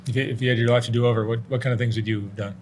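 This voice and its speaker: A man's voice: medium pitch, fairly even intonation, rapid-fire, slight background noise. A man interviewing someone on the street, asking short, direct personal questions.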